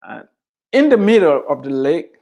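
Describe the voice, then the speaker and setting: Preaching a devotional sermon, this middle-aged man speaks on the high side with wide swings in pitch, captured on dull-sounding audio. A Christian author and speaker, he drags out his phrases in slow, emphatic delivery and repeats lines of scripture to drive them home.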